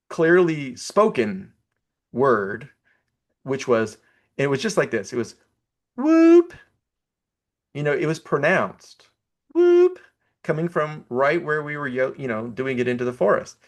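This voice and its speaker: An older man chats as a podcast guest, spinning a story in a loose, casual way. He laughs often, trips over his words and restarts, fills the gaps with 'you know', and jumps into acted-out quotes. His voice sits at an ordinary pitch. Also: a little slow. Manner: animated, laughs often, acts out quoted lines.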